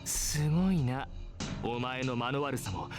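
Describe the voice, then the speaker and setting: A man's voice: medium pitch, normal speed, natural voice. An actor playing a cruel, arrogant teenage boy who taunts and looks down on everyone, in a voiced visual novel. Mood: mocking. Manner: taunting, condescending, theatrical. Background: game music.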